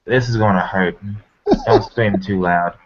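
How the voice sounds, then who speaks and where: A man's voice: sits low, steady tone, unhurried, a little hiss or hum. A man playing a blunt, cocky male farmhand brawler who talks in folksy threats, in a tabletop game. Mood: mocking. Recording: muffled lo-fi recording.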